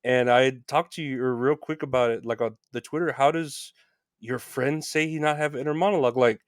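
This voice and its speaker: A male podcast host with a smooth, resonant voice and a mid-range pitch. He talks in a halting, friendly way, trips over his words and adds agreeable "mm-hmm"s. The sound is dry and close. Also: steady tone, no echo. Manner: halting, restarts, agreeable backchannels. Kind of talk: casual interview chat.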